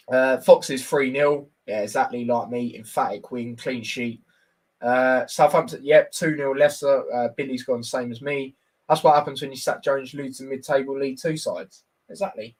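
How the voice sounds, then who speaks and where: A man's voice: mid-range voice, a bit bright. A young man giving casual, blunt football predictions on a livestream, reading stats and viewer comments with lots of fillers.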